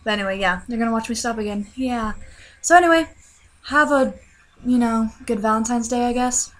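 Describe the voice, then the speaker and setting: A woman's voice: fairly high pitch, fairly quick. A young woman, probably a teen, casually rambling through a dream story, with lots of "like" and fillers, and a runny nose. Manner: chatty, lots of fillers, animated voices in quotes. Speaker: vlogger.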